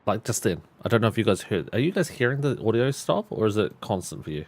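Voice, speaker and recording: A man's voice: fairly low pitch, fast. A man in his thirties chatting on a live stream, telling a story with lots of laughter and swearing. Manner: laughs a lot, swears freely, animated storyteller.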